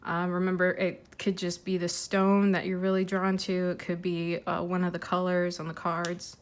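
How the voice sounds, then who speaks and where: Woman tarot reader, soft earnest delivery, fighting back tears, halting fillers. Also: on the low side, monotone. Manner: gentle, heartfelt, with many fillers and restarts. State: tearful, fighting emotion. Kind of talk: intuitive tarot reading to camera.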